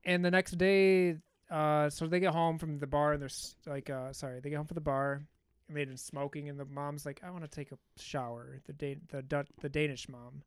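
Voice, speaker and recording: A man's voice: on the high side, flat delivery, normal speed, clear, resonant tone, dry recording. A man co-hosting a podcast, casually recapping a film in a rambling, profane storytelling way. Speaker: podcast co-host. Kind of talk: casual movie recap chat.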